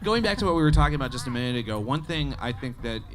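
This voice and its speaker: A man's voice: mid-range voice, sing-song, racing. Chatty male panel moderator. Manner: chatty, playful. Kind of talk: convention panel hosting.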